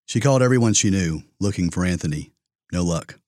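A man giving measured scripted documentary narration. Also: low voice, lively intonation, darkish tone, no room sound, studio quality.

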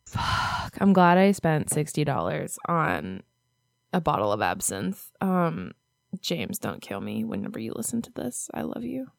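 A young woman co-hosts a podcast in easygoing, animated chat, laughing often and cursing offhandedly. Her voice sits a little low but swoops up and down with lots of expression. The recording is dry and close. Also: unhurried, gravelly, dry recording. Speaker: podcast co-host. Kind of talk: casual chat.

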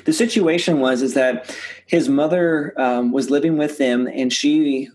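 A man, a real estate investor, telling deal stories in a casual interview, restarting sentences and acting out quoted dialogue in a lively way. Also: measured pace. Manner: animated, acts out quoted dialogue with rising pitch; many restarts and repeated words.

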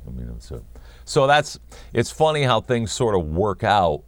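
A man in his fifties with a New York accent, a guest chatting in a relaxed, wry way and laughing often. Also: low-pitched, normal speed, no echo. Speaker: guest, former wrestling announcer. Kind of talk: casual interview chat.

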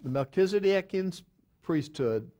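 Halting, earnest male Bible teacher. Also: high-pitched, expressive, mellow. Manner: halting, many fillers and self-corrections, reads verses aloud with emphasis. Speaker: pastor teaching a Bible study.

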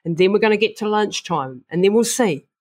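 A woman from New voicing her mother, who calms her daughter in a firm, steadying manner. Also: mid-range voice, a little fast, natural voice.

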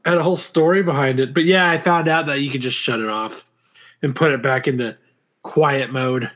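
A man's voice: medium pitch, brisk, fairly bright tone. A man co-hosting a podcast, chatting loosely and laughing, with frequent swearing. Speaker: podcast co-host. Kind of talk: casual banter.

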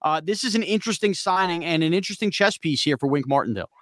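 A male podcast host with a fairly high voice, chatting in a quick, loose way and dropping in "uh" as he goes. The sound is dry and close. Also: expressive, fairly bright tone, no room sound. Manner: quick, chatty, frequent "uh" fillers. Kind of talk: casual sports podcast chat.

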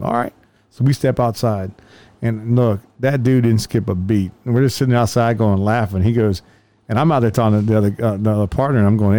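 A man's voice: medium pitch, brisk, dark tone. A man, a police officer, casually telling a rambling, profane story and raising his voice to act out the people he quotes.

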